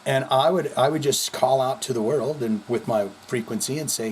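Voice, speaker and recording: A man's voice: mid-range voice, normal speed, hardly any pauses, a little hiss or hum. Goofy, rambling male vlog host. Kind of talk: casual vlog commentary.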